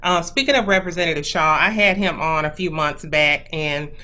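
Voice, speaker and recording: A woman's voice: low-pitched, normal speed, bright, forceful tone. A woman hosting an interview, asking loose, supportive questions with fillers. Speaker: talk show host. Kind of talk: interview conversation.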